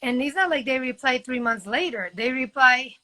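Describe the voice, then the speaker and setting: A woman's voice: high-pitched, normal speed, bright, forceful tone. A woman in her thirties chatting casually and rambling on a live video call about modeling. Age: 30s. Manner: chatty, rambling, talks directly to the host. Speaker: model and guest.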